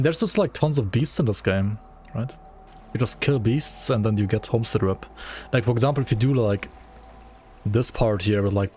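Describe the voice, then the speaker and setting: A gaming streamer with a lowish, slightly mellow voice chats casually while he plays. He has a German accent lightly touched by Swedish, and his commentary is full of fillers and "right?" There is slight background noise.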